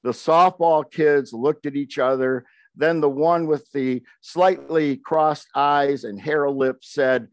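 A man's voice: mid-range voice, measured pace, dry recording. An older man, a poet, reading aloud from his memoir with wry, conversational asides.

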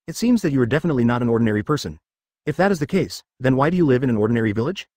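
A calm, curious young adventurer, read out by a man's text voice from a machine-read fan story. The delivery is fast and lively. The sound is dry and close. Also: medium pitch, no echo, close to an everyday voice. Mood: plain. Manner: plain read voice, no change for the role.

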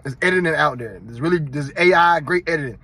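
A man from North Carolina with a Southern accent, hosting his own vlog in a casual, animated, mocking ranting style. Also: fairly high pitch, fast, husky. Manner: animated, mocking, emphatic rants. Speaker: channel host.

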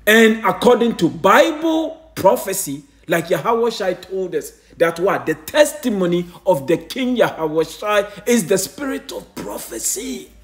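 A man's voice: sits high, very animated, measured pace, few pauses. A male preacher giving a sermon, firing rhetorical questions and reading scripture aloud with frequent restarts. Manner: asks rhetorical questions, answers himself.

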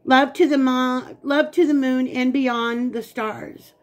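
A woman's voice: high-pitched, fairly even intonation, slow. A woman co-hosting a casual unboxing vlog, gushing and talking straight to her viewers. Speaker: channel co-host.

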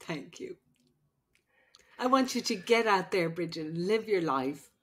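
An older woman talks through tears, slow and halting, with long pauses between her words. Her voice is tender and catches as she speaks to her grown daughter on a podcast. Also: on the low side, lively intonation. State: crying. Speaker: podcast host, midwife and mother. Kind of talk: emotional heart-to-heart podcast chat.

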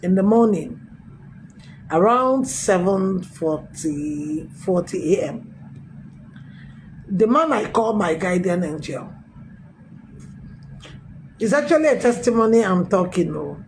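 A middle-aged woman pastor, telling her testimony in a sermon with emphatic, animated storytelling. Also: mid-range voice, slow, long pauses, a little hiss or hum, low-quality recording. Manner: storytelling with acted quotes, emphatic swings. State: recovering from a tooth extraction.

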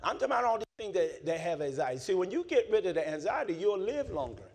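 A male pastor delivers a sermon in a fairly high voice. He drops low and quiet, then climbs into shouts, and keeps asking the congregation to answer back. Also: sing-song, fast, breathy edge. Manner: call-and-response preaching, swings from low and quiet to shouting.

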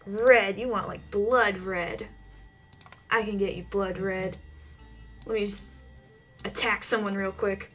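A woman's voice: mid-range voice, fairly even intonation, slow pace, long pauses, a bit bright, faint music behind. A woman giving casual let's-play commentary, talking to herself with frequent flustered yelps and laughs. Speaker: gaming channel host.

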